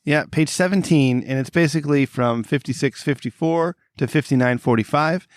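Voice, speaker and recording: A man running a casual podcast, his voice a little higher than most and recorded dry and close. He calls out page numbers and cues, and ribs his co-host as he goes. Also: moderate pace, no room sound. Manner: directing, teasing, laughs often.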